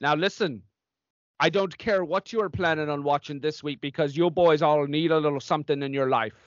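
Guy doing a bossy old nun voice, high and sharp, scolding everybody, dry dull lo-fi sound. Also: steady tone, fairly quick, no echo, close to an everyday voice. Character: stern older nun, a woman, strict and threatening. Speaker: host.

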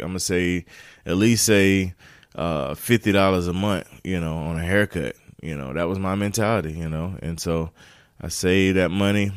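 A man's voice: sits low, no room sound, clean studio sound. A man hosting his own podcast, talking casually with lots of slang and "man, you know" fillers. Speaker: podcast host. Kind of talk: casual solo podcast chat.

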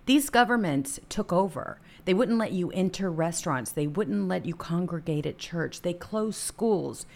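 A woman's voice: fairly low pitch, expressive, unhurried, gravelly. A woman hosting a casual talk show, indignant and emphatic.

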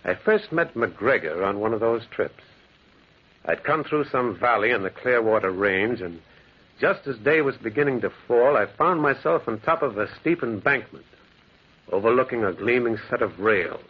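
A man's voice: medium pitch, expressive, moderate pace, slightly rough. A man playing a lonely former prospector who narrates a 1940s radio drama, an old muffled recording. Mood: brooding. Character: lonely male loner who once prospected in the mountains.

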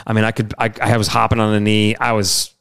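A man's voice: on the low side, completely flat delivery, quick pace, fairly bright tone, clean tone. A man in his thirties, a podcast co-host, telling a rambling, self-deprecating story in casual chat, full of restarts. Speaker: podcast co-host, youth sports coach.

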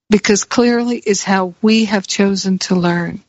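A woman giving a slow, earnest spiritual talk as a teacher, repeating key phrases for emphasis. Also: medium pitch, a little mellow, no echo, muffled recording.

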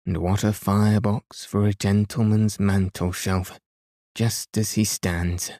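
A man reading the lines of a meek old toymaker in a hushed, dreamy way. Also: on the low side, little pitch movement, takes it slowly, no room sound, clean studio sound. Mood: musing.

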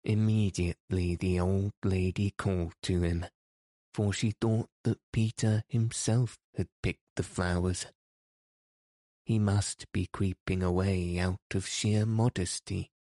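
Male audiobook narrator, very deep voice, slow, mellow, dry close sound. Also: fairly even intonation, no echo.

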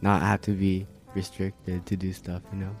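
A young man with a Californian accent co-hosts a casual podcast. He answers thoughtfully, pausing and hedging, in a somewhat low voice. Faint music plays underneath. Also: monotone, gravelly. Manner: thoughtful, hesitant. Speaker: podcast co-host, high school student. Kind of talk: casual chat.

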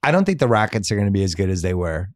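Low-voiced man hosting a sports podcast. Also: rapid-fire, dry recording, clean studio sound. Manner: animated, quizzing guests, lists names with rising pitch. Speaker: podcast host. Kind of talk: casual sports chat.

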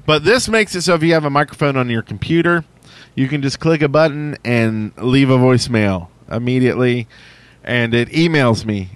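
A man hosting a podcast, chatting loosely and joking with occasional swearing. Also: mid-range voice. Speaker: podcast host. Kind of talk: casual podcast chat.

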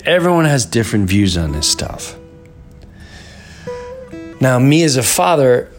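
A middle-aged man hosting a podcast, telling a story in an animated, rambling way and often repeating himself. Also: medium pitch. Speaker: podcast host. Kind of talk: casual storytelling monologue.

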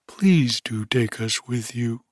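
A man's voice: mid-range voice, lively intonation, slow pace, no room sound, clean studio sound. A man reading a storybook, voicing an earnest pheasant who pleads to be taken along. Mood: pleading.

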